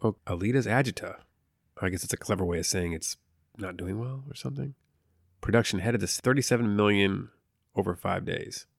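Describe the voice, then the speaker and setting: Gravelly-voiced man rambling through a movie review. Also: on the low side, a little fast, no echo, clean studio sound. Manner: rambling, profane, jokey asides. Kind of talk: casual spoken movie review.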